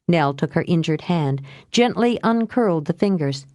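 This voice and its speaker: A woman reading an audiobook aloud, lifting her pitch for dialogue and dropping low for the narration. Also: expressive, moderate pace, a little mellow, no room sound, clean studio sound. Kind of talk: audiobook narration with character voices.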